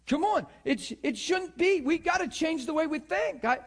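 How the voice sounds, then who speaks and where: A man in his forties preaching a sermon with passion, firing rhetorical questions and acting out what people say. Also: very high-pitched. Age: 40s.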